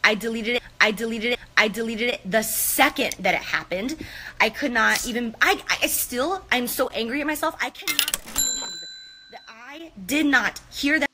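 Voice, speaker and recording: A woman's voice: a little high, moderate pace, pushed and bright, a little hiss or hum. A woman in an apology clip, rambling and flustered, repeating herself as she talks outdoors. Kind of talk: emotional apology video.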